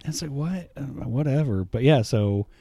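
A man's voice: mid-range voice, animated, normal speed, mellow, no echo. A married man co-hosting a podcast in a casual chat, dry and teasing, with some swearing. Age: adult, married ten years. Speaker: podcast co-host.

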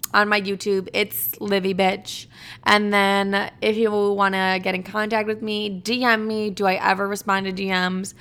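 A woman's voice: mid-range voice, fairly even intonation, moderate pace, fairly bright tone, clear, resonant tone. A woman in her twenties hosting a casual solo podcast, chatty and playful, swearing freely and saying "like" constantly. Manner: chatty, profane, playful, says "like" a lot. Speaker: podcast host.

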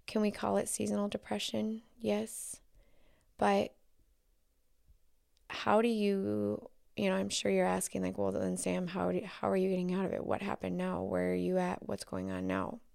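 A woman hosting a solo podcast, talking candidly and haltingly, often dropping to a near whisper. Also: medium pitch, darkish tone, no echo, clean studio sound. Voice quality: gravelly fry. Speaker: podcast host.

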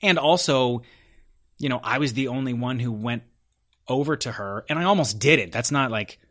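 A man's voice: mid-range voice, moderate pace, a bit bright. A man as an interview guest, talking in an earnest, reflective way and telling stories about himself with some self-deprecating humor. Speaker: podcast guest. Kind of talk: conversational interview.

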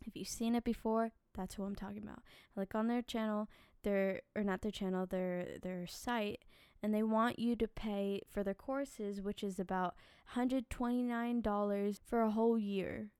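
A woman hosting a casual podcast, chatty and animated, giving singing advice with a slightly dry voice from little sleep. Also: medium pitch, clear, resonant tone, dry recording. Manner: animated, chatty, quick asides and filler words. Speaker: podcast host and singing teacher.

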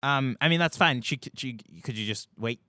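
A man's voice: medium pitch, a little fast, bright, forceful tone, no room sound, clean studio sound. A man narrating as game master, hesitant and full of ums and restarts.

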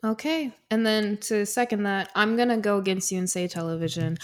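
A woman's voice: medium pitch, a little fast. A woman hosting a podcast, talking in chatty, casual runs full of "like" and "you know". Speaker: podcast host.

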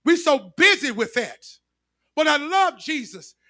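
A man's voice: extremely high pitch, big pitch swings, measured pace, bright, forceful tone, no room sound, studio quality. A male pastor preaching a sermon with emphatic repetition, speaking straight to his congregation.

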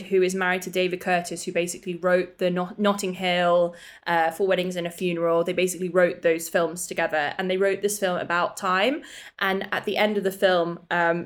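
A young woman co-hosting a podcast, talking in a chatty, open way about relationships. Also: on the low side. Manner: chatty, emotional, quick asides. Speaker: podcast co-host. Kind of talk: casual chat.

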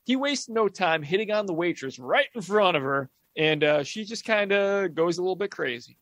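A man's voice: sits high, expressive, moderate pace, fairly bright tone, no room sound. A man co-hosting a podcast, recapping a movie plot with wry, joking commentary. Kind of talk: casual comedic movie commentary.

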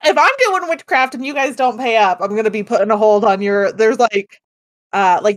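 A woman's voice: medium pitch, fairly quick, no echo, studio quality. A woman co-hosting a podcast in casual chat, rambling and self-deprecating. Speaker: podcast co-host.

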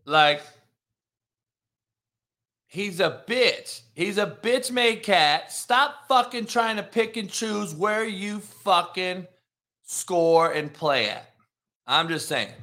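A high-pitched man rants about sports, swearing freely and circling back over the same points. His voice swings widely in pitch and sounds bright and forceful. He can flare into shouting. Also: animated, slow pace, pauses often. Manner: heated, profane, repeats himself, bursts into shouts. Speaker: sports commentator. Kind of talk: profane sports rant.

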